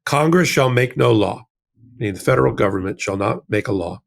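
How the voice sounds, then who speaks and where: A man's voice: fairly low pitch, expressive, normal speed, gravelly. Man, American, legal co-host, explanatory, emphatic, casual. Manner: explanatory, emphatic, uses rhetorical asides. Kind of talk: casual analytical discussion.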